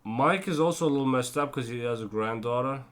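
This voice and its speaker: A tired man giving a casual spoken TV review, rambling with lots of fillers and self-corrections and slipping into quick character impressions. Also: medium pitch, fairly bright tone. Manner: breaks into brief character impressions. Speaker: TV show reviewer.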